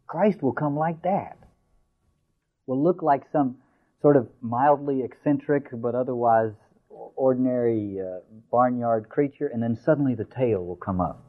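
Man lecturing over tinny phone-like audio. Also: medium pitch. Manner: reads passages slowly, then explains in a discursive way with fillers. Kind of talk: lecture with story reading.

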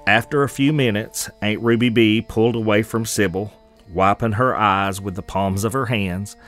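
Low-voiced male storyteller. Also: fairly even intonation, fairly bright tone, faint music behind. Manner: measured, descriptive storytelling. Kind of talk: scripted narration.

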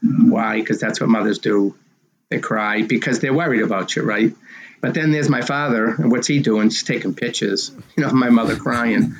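Man, 60s, gravelly mid-pitched voice. Animated interview storyteller who acts out dialogue. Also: normal speed, slight background noise, rough recording. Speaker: race director telling his story.

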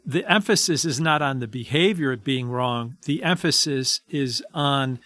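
A man reading scripture verses aloud and then explaining them in a measured, deliberate way. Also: mid-range voice, pushed and bright, dry recording.

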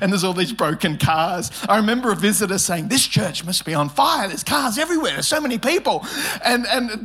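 A male pastor with a high, light voice delivers a sermon in a church. He jokes his way through the teaching, slipping into quick bits of dialogue as he tells family stories, then settles back into earnest preaching. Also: a bit bright. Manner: humorous storytelling, acts out family dialogue.

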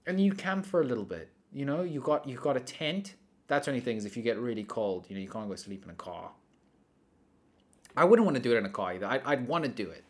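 A young adult man in casual chat, telling rambling stories in animated bursts. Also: mid-range voice, fast talker. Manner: rambling, animated storytelling that often breaks into laughter.

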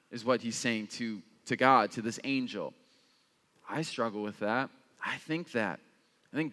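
A young man preaching a casual, conversational sermon as pastor, with lots of fillers and lively jumps in pitch when he acts out reactions. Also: moderate pace, in a large hall.

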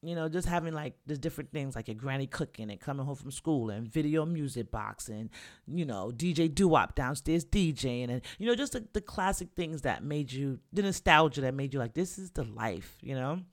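A man telling personal stories in a casual, candid monologue, lively, swearing freely and laughing often. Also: medium pitch, fairly quick. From New York.

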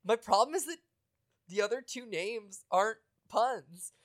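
A man's voice: high voice, lively intonation, a little slow, fairly bright tone. Opinionated man recapping a show. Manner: opinionated, dry quips. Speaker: podcast co-host. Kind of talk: casual chat, reality TV recap.

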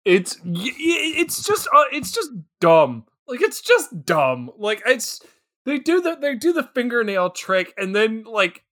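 High, bright, excitable young man. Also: a little slow. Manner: excitable, stammering. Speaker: podcast co-host. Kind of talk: casual movie recap chat.

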